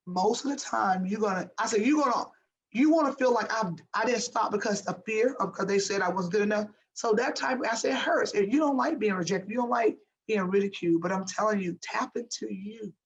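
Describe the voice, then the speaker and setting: Woman, 50s, ex-athlete interview guest; motivational, emphatic, repeats for emphasis, mid pitch. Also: rough recording. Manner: emphatic and animated, repeats "I said" and "I'm telling you". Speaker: former pro basketball player, guest.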